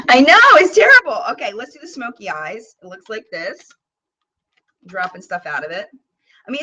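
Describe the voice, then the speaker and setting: A woman hosting a casual live-stream about makeup, talking in a chatty, animated way with bursts of mock disbelief as she swatches products. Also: medium pitch, distant mic, slight background noise, rough recording. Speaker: beauty vlogger hosting a live chat.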